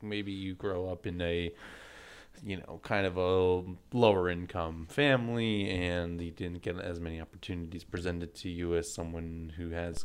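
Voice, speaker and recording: A man with a very deep voice co-hosting a casual podcast, musing aloud in a rambling, hesitant way full of fillers. His tone is smooth and clear. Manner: rambling, hesitant, many fillers like "like" and "you know". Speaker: podcast co-host.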